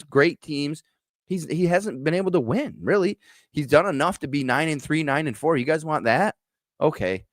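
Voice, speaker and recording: A man's voice: mid-range voice, no echo, clean studio sound. A man from Michigan's Upper Peninsula with a Yooper accent, giving frank, opinionated takes as a guest in casual sports talk. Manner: opinionated, frank, stammering restarts.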